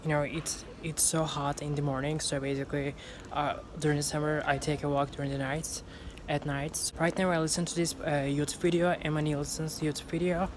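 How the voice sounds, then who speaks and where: A woman's voice: low voice, flat delivery, a little fast, background noise. A woman talking casually in a vlog as an English learner, leaning on fillers and restarts and repeating lines aloud to practice.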